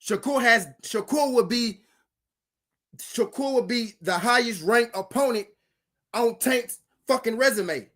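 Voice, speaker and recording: A man with a very high, sharp-toned voice speaks at a measured pace. He hosts a boxing commentary channel, and in a casual reaction rant he gets heated, curses, repeats himself, and speaks straight to his audience.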